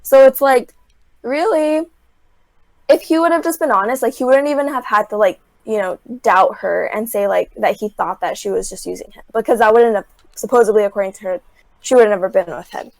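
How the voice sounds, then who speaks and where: On a dry recording, a young woman with a mid-range, creaky voice talks briskly as a podcast guest, casually going over a reality show. Fillers pile up, especially "like," and she acts out people's lines in an animated retelling.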